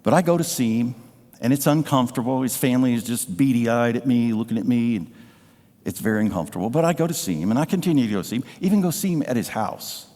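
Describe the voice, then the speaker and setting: A man preaching a sermon as pastor, telling a personal story with emotion and sometimes dropping to a hush. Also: medium pitch, lively intonation, quick pace. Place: church sanctuary. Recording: live church sound with long reverb. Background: band playing softly.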